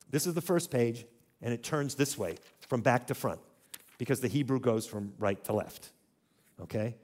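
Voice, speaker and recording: A man's voice: medium pitch, darkish tone. A man teaching a church audience in a conversational way, asking them to repeat words after him. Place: church hall.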